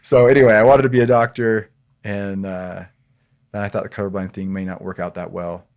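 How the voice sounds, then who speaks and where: Podcast guest, man, very low voice, lively rambling storyteller. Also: a little fast, lo-fi sound. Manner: animated, rambling anecdotes with self-corrections. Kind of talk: casual storytelling interview.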